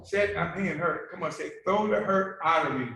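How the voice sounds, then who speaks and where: A man's voice: a little high, moderate pace, noisy background. A male pastor preaching a call-and-response sermon, coaxing the congregation to repeat his words after him. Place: church sanctuary. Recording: very echoey church hall from far off.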